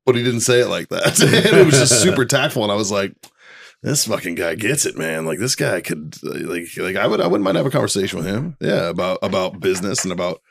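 A man's voice: on the low side, fast, creaky, breathy edge, no room sound. A man co-hosting a podcast, chatting casually at a bar and telling stories with plenty of swearing. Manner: profane, animated storytelling. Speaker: podcast co-host.

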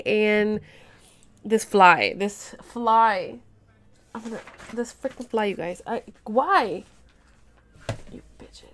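Young woman, casual vlog rant, animated delivery with whispered asides. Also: on the high side. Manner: animated, swearing, code-switching slang, drops to whispers. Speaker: vlogger.

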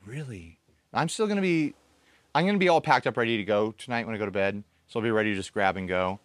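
A podcast host with a fairly low voice talks fast while hosting a casual chat outdoors on a tropical island, with no room sound. He tells stories in an animated way and laughs often.

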